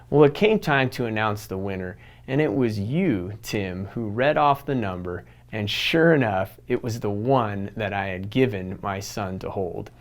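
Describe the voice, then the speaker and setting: A man's voice: on the low side, normal speed, few pauses. A man telling a heartfelt story as a farewell tribute in a church, acting out the people in it. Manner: animated anecdote-telling, voicing others in quotes. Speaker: church member giving a tribute.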